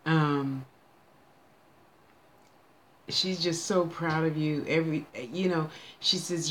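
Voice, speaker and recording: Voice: medium pitch, steady tone, a bit bright, a little hiss or hum. Chatty folksy medium bossing spirits around. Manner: chatty, folksy, bossy with spirits, drawn-out words. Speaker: psychic medium giving readings. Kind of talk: casual live spirit reading, talking to spirits aloud.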